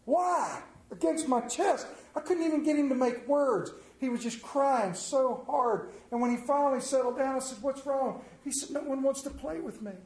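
A middle-aged man preaching a sermon in a folksy storytelling way, his voice sitting fairly high. He drops to a hush for tender moments and rises to loud, emphatic preaching. The sound rings with the echo of a church sanctuary. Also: expressive, normal speed, hardly any pauses. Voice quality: folksy Southern drawl talk with "ain't" and "y'all".

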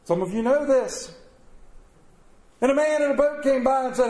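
A man preaching a sermon, reading scripture, telling a joke and leading a prayer, swinging between loud emphatic calls and hushed, slow, drawn-out phrases. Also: extremely high pitch, lively intonation, echoey room, poor audio.

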